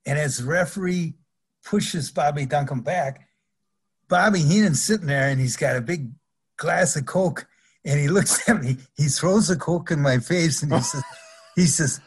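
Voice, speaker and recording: An older man, a former pro wrestler appearing as an interview guest, spins rambling anecdotes in a storytelling interview. His voice is on the high side with a breathy edge and a moderate pace, and his stories are full of restarts and laughter.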